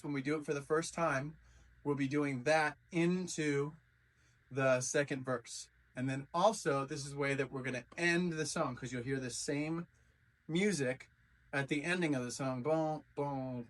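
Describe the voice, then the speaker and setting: A man teaching a dance routine step by step, counting out beats and calling sounds as he demonstrates. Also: fairly high pitch. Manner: counts and sings out beats while demonstrating moves. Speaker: dance instructor. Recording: voice from a distance from the mic.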